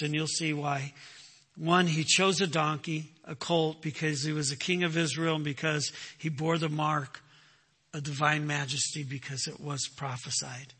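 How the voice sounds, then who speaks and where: A man's voice: a little high, level tone, moderate pace, bright, forceful tone, slightly rough, in a large hall. A man preaching a sermon, emphatic, asking rhetorical questions and answering them himself. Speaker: pastor.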